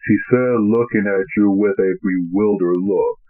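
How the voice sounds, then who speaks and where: A man with a fairly low voice narrates an amateur fan fiction reading. His phrasing is halting and read aloud, and the audio sounds thin and phone-like. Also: steady tone.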